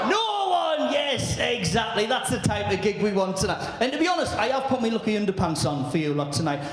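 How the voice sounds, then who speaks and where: A brash comedian working a live crowd, swearing and shouting his punchlines. His voice runs very high and lively. The sound booms around a very echoey venue. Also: noisy background. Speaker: stand-up comedian. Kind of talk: stand-up comedy routine.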